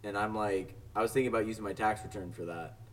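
A man's voice: lowish voice, steady tone, fast talker. Laid-back young guy, far from the mic. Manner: laid-back, swears a lot, laughs often. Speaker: podcast co-host. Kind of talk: casual chat. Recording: distant from the mic.

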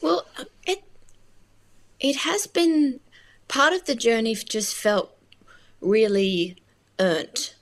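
A woman being interviewed about her film, talking in a halting, self-deprecating, openly emotional way. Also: on the high side, big pitch swings. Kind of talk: casual interview conversation.

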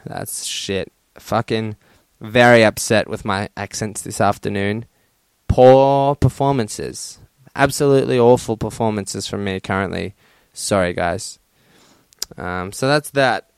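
A man's voice: on the low side, steady tone, unhurried, creaky, smooth, dry recording. A young man hosting a casual solo podcast, swearing often and mocking himself as he jokes. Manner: profane, self-deprecating, joking. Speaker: podcast host.

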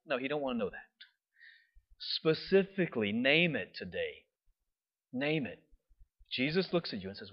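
In this preacher's sermon, a medium-pitched male voice tells the story emphatically, frequently tossing in "right?" and easing into a soft, slow delivery when reflecting. The audio is dull lo-fi.

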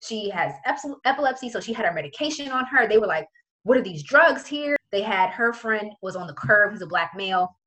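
Speaking quickly with hardly any pauses, a young woman from the Prince George's County, Maryland area tells a personal story as a guest. Her voice is medium-pitched, bright and forceful, and her casual talk is full of fillers and quoted voices. The audio is poor.

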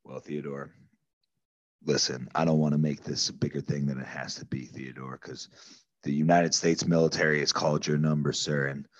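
A man's voice: a bass voice, little pitch movement, normal speed, dry recording, voice pushed down. A man playing a pushy, bombastic male army recruiter who speechifies and then turns threatening. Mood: menacing. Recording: dull lo-fi audio.

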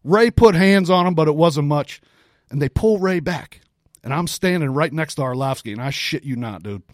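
A man co-hosting a podcast, telling a story in a casual, profane, animated way with frequent laughs. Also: a little high, normal speed, no echo, clean studio sound. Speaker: podcast co-host.

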